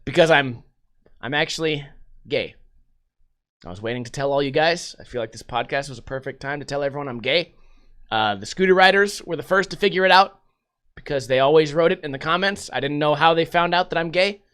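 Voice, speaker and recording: High, bright-voiced young man. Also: fairly quick, long pauses, clean tone. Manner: crude, rambling storytelling with heavy swearing. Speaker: podcast host. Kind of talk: casual livestream podcast chat.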